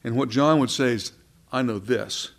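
A man preaching a sermon in an earnest, conversational way, asking his listeners questions and swinging between soft and emphatic delivery. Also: mid-range voice, normal speed. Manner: conversational, asks the congregation questions.

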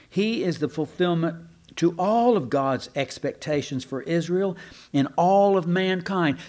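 Slow, emphatic male preacher. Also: on the high side, a little mellow. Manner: slow, emphatic, with rhetorical questions. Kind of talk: sermon.

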